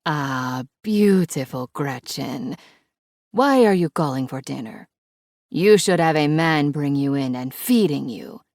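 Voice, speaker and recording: A woman's voice: deep voice, animated, takes it slowly, darkish tone, dry recording, clean studio sound, full character voice. A woman voicing a bossy older Italian woman with a thick Italian accent, teasing and motherly. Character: bossy old Italian grandmother figure.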